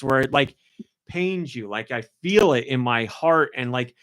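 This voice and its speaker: A man's voice: mid-range voice, animated, unhurried, fairly bright tone, clear, resonant tone, no echo, clean studio sound. A man co-hosting a podcast and talking about a game he reviewed in casual, rambling chat, full of "like" and restarts. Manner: rambling and effusive, heavy use of "like".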